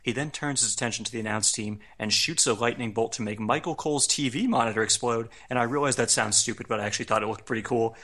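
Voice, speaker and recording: A man hosting a podcast, recapping events casually in an amused, relaxed way. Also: medium pitch, fast, hardly any pauses. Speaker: podcast host. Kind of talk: casual wrestling recap chat.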